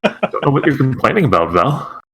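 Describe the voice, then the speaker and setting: A man's voice: mid-range voice, big pitch swings, fairly quick, fairly bright tone, breathy edge, rough recording. A man on a casual podcast chat making dry, sarcastic quips. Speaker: podcast co-host.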